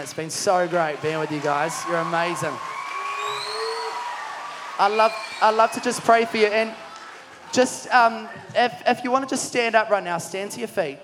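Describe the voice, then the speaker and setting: A man preaching at a youth camp, telling a story earnestly and then calling energetically to the crowd. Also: mid-range voice. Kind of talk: sermon. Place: large hall at a camp.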